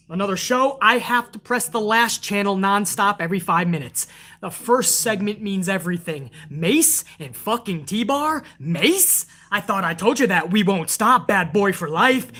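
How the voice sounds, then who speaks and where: A man's voice: high voice, bright, forceful tone. A man reviewing a wrestling show on a casual live stream, talking in a profane, exasperated and mocking way.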